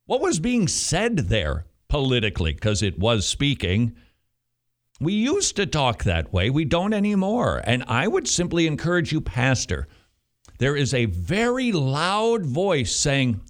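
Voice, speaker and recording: A man's voice: a little high, huge pitch swings, measured pace. A man speaking as a pastor to fellow pastors, feverish and emphatic, repeating phrases to drive them home.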